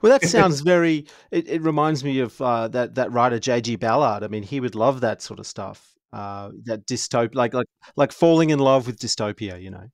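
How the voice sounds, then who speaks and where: A man's voice: mid-range voice, normal speed, few pauses, dry recording, studio quality. A man co-hosting a podcast, asking questions in a thoughtful, hesitant way. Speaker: podcast co-host. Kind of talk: casual podcast interview.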